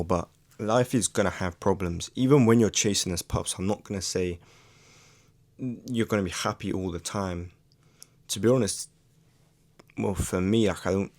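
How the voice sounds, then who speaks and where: A young man in a casual, reflective vlog monologue, speaking earnestly with frequent "like" fillers and restarts. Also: low voice. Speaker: YouTuber.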